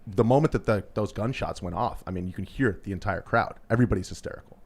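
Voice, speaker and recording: A man on a podcast panel, talking in a measured, explanatory way in casual chat. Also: on the low side.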